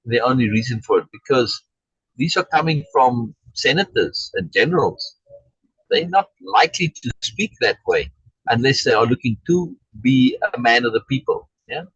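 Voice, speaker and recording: A man's voice: mid-range voice, lively intonation, moderate pace, fairly bright tone, breathy edge, no room sound, muffled recording. Man teaching over a video call. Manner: explains with many restarts and "right?" checks, reads chat comments aloud. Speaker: Shakespeare reading group leader. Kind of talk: casual online teaching chat.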